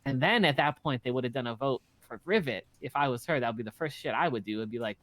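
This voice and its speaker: A man chatting casually in character, swearing freely as he tells one story after another. His voice is mid-pitched and sits close and dry on the mic. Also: quick pace, few pauses, no room sound. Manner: blunt, profane, animated storytelling. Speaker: roleplay streamer.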